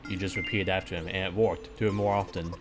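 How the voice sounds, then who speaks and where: A man's voice: low voice, little pitch movement, fast. A man voicing the inner voice in a game playthrough, dry and matter-of-fact. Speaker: game streamer. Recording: music playing underneath.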